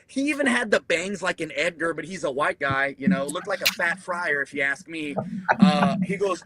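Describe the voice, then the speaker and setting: A Marine veteran from the United States, guesting on a podcast, speaks in a slightly high, brisk voice in a recording with no echo. He casually spins a profane war story, animatedly doing the voices of those involved.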